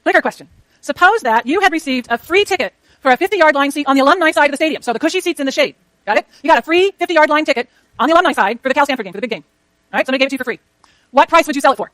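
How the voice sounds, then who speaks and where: A woman lecturing a university economics class, rushing through clicker questions and talking to herself as she works her slides. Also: high voice, lively intonation, a bit bright, no room sound. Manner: rapid, chatty, self-talk while working slides. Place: lecture hall.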